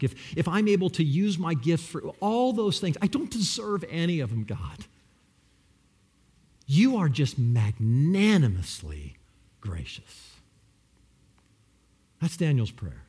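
A man preaching a sermon with passion, swinging between loud pleading and hushed, near-whispered lines. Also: mid-range voice, slightly rough. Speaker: pastor.

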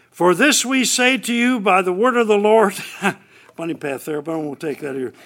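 Guy teaching bible class, kinda high voice, goes loud then hushed, reads verses out slow. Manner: swings between emphatic and hushed; reads scripture aloud slowly.

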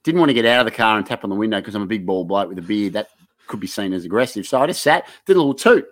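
A man's voice: lowish voice, animated, rapid-fire. A man with an Australian accent hosting a comedy podcast, rambling and hyping things up with lots of fillers. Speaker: podcast host. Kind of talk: casual comedic podcast banter.

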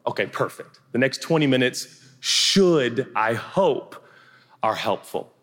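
A man's voice: medium pitch, expressive, slow pace, a bit bright. A man pastor giving a sermon in a large theater, talking in a conversational, humorous and emphatic way. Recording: live hall reverb.

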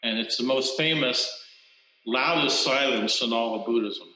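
A man giving a Zen dharma talk, speaking reflectively and haltingly, with frequent restarts. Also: medium pitch, pushed and bright, soft background music. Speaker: Zen Buddhist teacher. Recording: roomy echo.

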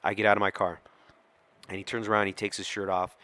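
A middle-aged man with a fairly low voice tells a story on a podcast, acting out every quoted line. The close mic sounds dry, with no room around it. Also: quick pace, no echo. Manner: animated storyteller who acts out quoted lines. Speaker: police officer guest telling a story.

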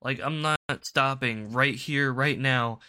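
Bright-voiced sarcastic male commentator. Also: medium pitch, slow, smooth. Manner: sarcastic, rambling, swears casually. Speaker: political commentator. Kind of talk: casual reaction commentary. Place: home desk. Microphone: desk microphone.

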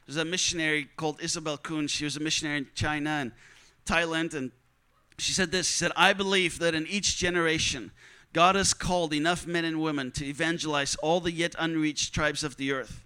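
High bright clear-voiced male preacher. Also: brisk. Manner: storytelling, earnest, repeats key lines for emphasis. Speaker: missionary preacher. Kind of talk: sermon to students.

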